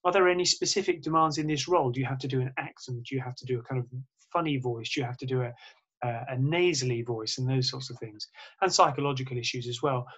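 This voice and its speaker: A man's voice: medium pitch, fast, fairly bright tone, breathy edge. A man, a surgeon, giving a spoken lecture in an explanatory way, with frequent fillers and restarts.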